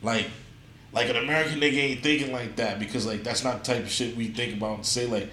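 A laid-back man riffs in slangy, laughing banter, spinning stories as he goes. The room is roomy and echoey, with a faint hum of noise underneath. His voice sits at an ordinary middle pitch. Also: fast talker. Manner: slangy, laughing, animated storytelling. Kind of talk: casual banter.

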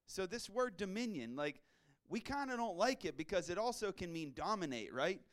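A middle-aged man preaches a sermon in a church, casual and slangy, full of energy as he addresses the congregation. His voice sits somewhat high for a man and rings out smooth and resonant. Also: lively intonation, normal speed. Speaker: pastor.

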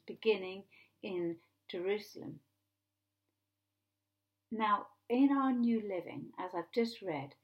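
A woman pastor gives a sermon in a relaxed, talky manner and retells the scripture as a lively story. Her voice sits at a middle pitch for a woman. She drops in asides and rhetorical questions along the way. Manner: conversational, animated storytelling.

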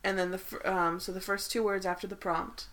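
A woman of medium pitch co-hosting a relaxed chat. She rambles, restarts and trails off mid-thought in an easy, chatty way. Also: brisk, a little hiss or hum. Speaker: podcast co-host. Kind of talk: casual chat.

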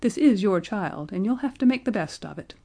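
A prim, stern nurse issues firm orders in a raised, insistent voice, voiced by a woman reading the story. Her tone is mellow and dark rather than bright. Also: mid-range voice, animated, a little fast. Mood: severe.

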